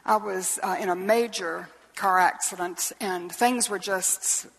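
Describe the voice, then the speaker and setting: An older woman preaches as a Bible teacher, telling stories earnestly and tossing in rhetorical questions. Her voice is husky and sits at a middle pitch for a woman. It rings out with a long reverb, as in a large hall. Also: fairly even intonation, measured pace. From Southeastern US. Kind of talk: sermon.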